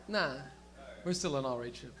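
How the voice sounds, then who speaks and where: On a small comedy stage before a live audience, a young male host rambles and giggles his way through stoned banter with the crowd. He has a mid-range, expressive voice at a moderate pace.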